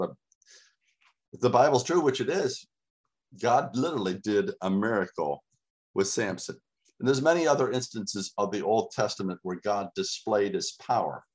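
A man preaching a sermon as a pastor, emphatic, with dramatic pauses and repetition. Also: mid-range voice.

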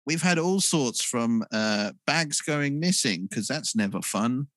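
A man co-hosting a podcast, asking a guest questions in a lively, slightly halting way. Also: medium pitch, no room sound. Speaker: podcast co-host. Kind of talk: casual interview questions.

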